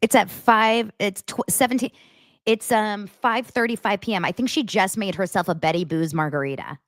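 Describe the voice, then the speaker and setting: A woman's voice: mid-range voice, moderate pace, dry recording, clean studio sound. A woman hosting a live commentary show, reading out messages and reacting with incredulous, laughing remarks.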